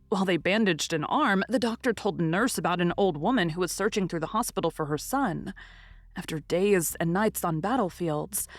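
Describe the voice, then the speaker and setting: A woman narrating a classic novel in a measured, expressive storytelling manner. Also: on the low side, no room sound. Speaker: audiobook narrator. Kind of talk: scripted narration.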